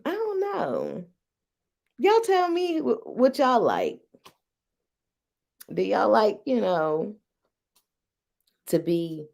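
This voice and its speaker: A woman's voice: medium pitch, darkish tone. A woman hosting a casual live-stream chat, frank and teasing, who laughs often between phrases. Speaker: host.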